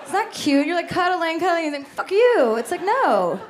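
A woman's voice: extremely high pitch, very animated, a little fast. A woman performing a stand-up comedy set, with brash, sarcastic, profane ranting. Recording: live club set with audience. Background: audience laughter.

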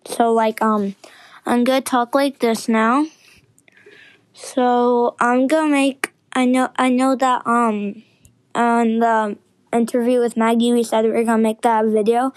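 A woman's voice: fairly high pitch, no echo, rough recording. A woman hosting her own podcast in casual chat, rambling with many "like"s and "um"s. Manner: rambling, full of "like" and "um". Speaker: podcast host.

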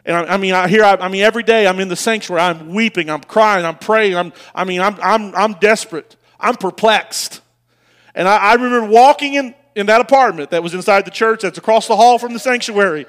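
High-voiced pastor preaching. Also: male voice, fairly quick. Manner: storytelling, emotional, repeats words, rises to loud passionate bursts. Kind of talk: sermon.

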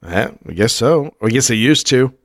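A male podcast co-host who jokes and riffs, his voice at an everyday middle pitch. He sounds close and dry, with no room echo. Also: animated. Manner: joking, riffs quickly with laughs. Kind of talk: casual podcast chat.

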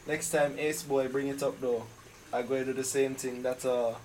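A man's voice: mid-range voice, level tone, moderate pace, darkish tone, slight background noise, low-quality recording. A man co-hosting a podcast outdoors at night, trading laid-back, teasing stories. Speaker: podcast co-host. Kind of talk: casual chat among friends.

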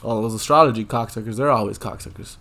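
A man's voice: fairly low pitch, fast, pushed and bright. A man hosting a solo podcast, rambling through a profane, crude rant with lots of ums and asides. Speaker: podcast host.

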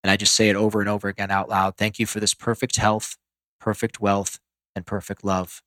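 Low-voiced man telling candid stories. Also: completely flat delivery, fairly quick, fairly bright tone, no echo. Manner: rambling, self-deprecating, many restarts. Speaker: podcast guest. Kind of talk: candid storytelling.

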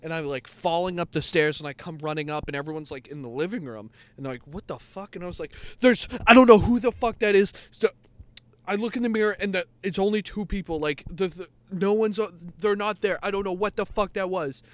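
A young man with a slightly higher voice rambles through a story on a podcast. He piles up fillers and curse words as he talks. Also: fast, hardly any pauses, clean tone, dry recording. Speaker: podcast co-host. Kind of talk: casual chat.

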